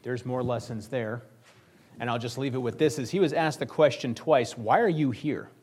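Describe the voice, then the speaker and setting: A man's voice: mid-range voice, moderate pace, darkish tone, slightly rough. A male pastor preaching a sermon in a conversational, joking storytelling manner.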